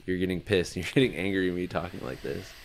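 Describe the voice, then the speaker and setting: Male co-host, very low voice, loose sweary ranting in casual chat. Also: fairly even intonation, fast talker, creaky. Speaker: podcast co-host.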